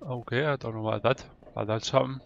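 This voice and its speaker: A man commentating his gameplay, loud and excitable, swearing often. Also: mid-range voice, fast, vocal fry, lo-fi sound. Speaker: gamer. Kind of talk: let's-play commentary.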